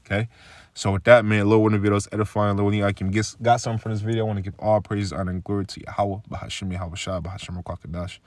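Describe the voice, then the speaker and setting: Laid-back low-voiced man giving testimony. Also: flat delivery, racing, a little mellow, dry recording. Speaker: religious video maker. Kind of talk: casual spoken testimony.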